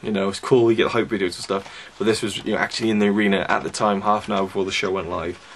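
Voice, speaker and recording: A man's voice: fairly low pitch, flat delivery, fast, a little hiss or hum. A young man giving a casual, chatty review of wrestling DVDs, enthusiastic and full of fillers. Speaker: DVD reviewer.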